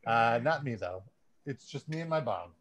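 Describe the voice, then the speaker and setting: A man's voice: medium pitch, lively intonation, normal speed, a bit bright. A man hosting a casual podcast, rambling and laughing often as he talks. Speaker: podcast host.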